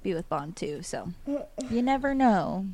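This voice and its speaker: A woman's voice: medium pitch, big pitch swings, measured pace, mellow. Woman podcast co-host, rambling with "like". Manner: rambling, heavy use of "like". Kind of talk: casual chat.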